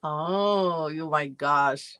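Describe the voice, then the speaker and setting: Chatty woman with a low, dry voice. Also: very slow, a bit bright, clean tone, dry recording. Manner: chatty, rambling, many fillers and self-corrections, greets viewers by name. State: feeling cold. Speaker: subscription box reviewer hosting a livestream. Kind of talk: casual livestream chat with viewers. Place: home room.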